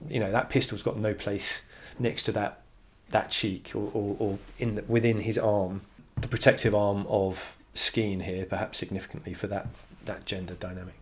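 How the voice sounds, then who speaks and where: A man with a slightly low voice talks through a poem as a teacher. He thinks aloud, repeats and restarts his phrases, and reads the quoted lines with stress. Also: level tone, normal speed, few pauses. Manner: thoughtful, many restarts, reads quotes with emphasis. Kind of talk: poetry analysis lesson.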